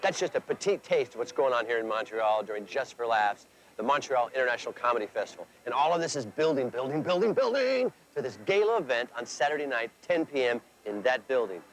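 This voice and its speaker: A man's voice: medium pitch, very animated, fast, a little hiss or hum, poor audio. Wisecracking male promo host. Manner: wisecracking, playful. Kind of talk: joking promo hosting. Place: on location at a festival.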